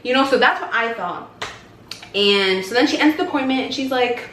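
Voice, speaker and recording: A woman in her twenties telling a personal story in a casual vlog, animated and acting out the voices of people she quotes. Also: a little high, moderate pace, a little hiss or hum. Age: 20s. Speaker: vlogger. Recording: echoey room with background music.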